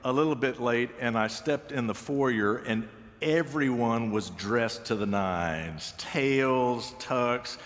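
A man's voice: medium pitch, slow pace, a bit bright. A man preaching a sermon, telling stories with dry humor and acting out the voices he quotes. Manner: wry storytelling, acts out quoted voices. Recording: long reverb of a large hall.

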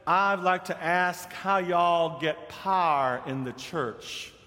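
A man's voice: high voice, slow pace, sharp tone, in a large hall, pitched above the performer's own voice, heavily acted. A man putting on a young Southern woman. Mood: polite, pointed. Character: young Southern woman, polite but pointed.

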